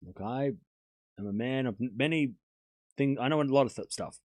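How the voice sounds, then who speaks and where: A man's voice: mid-range voice, normal speed, dry recording. A man hosting a live tennis watchalong stream, mixing casual play-by-play with joking banter and frequent laughs. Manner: chatty, joking, laughs often, argues playfully with chat.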